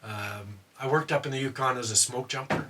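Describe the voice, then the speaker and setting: An older Canadian man, once a wildland firefighter, tells a rambling story casually, in a mid-range voice a little on the fast side with music underneath. He uses lots of fillers and acts out quotes, and the distant mic picks up steady background noise.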